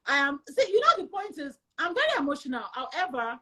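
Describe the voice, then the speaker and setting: A young woman with a Nigerian accent, telling her personal story as an interview guest in an emphatic, animated way. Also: sits high, normal speed. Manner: emphatic and animated, acts out quoted voices.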